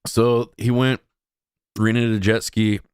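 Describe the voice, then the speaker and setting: A man's voice: lowish voice, little pitch movement, slow, clean tone, no room sound, studio quality. A man hosting a livestream, reacting to clips in a casual, mocking, offhand way and talking to his chat. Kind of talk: casual crude reaction commentary.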